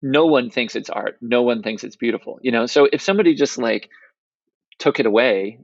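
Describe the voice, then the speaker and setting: A man's voice: medium pitch, a little fast, vocal fry, no room sound, lo-fi sound. A man co-hosting a podcast in casual chat, musing and telling stories with plenty of fillers. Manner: chatty, storytelling, hedging with fillers. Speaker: podcast co-host.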